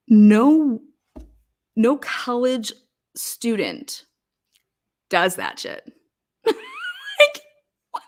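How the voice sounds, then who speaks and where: A woman's voice: on the high side, wildly swooping pitch. Blunt, sarcastic woman commentator. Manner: blunt, sarcastic, profane, rapid-fire questioning. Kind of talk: true crime commentary.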